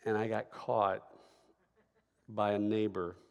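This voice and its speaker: A man's voice: lowish voice, flat delivery, takes it slowly. A man, a pastor in a sermon, quoting his young son in nearly his own voice, with the long reverb of a large hall. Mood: earnest.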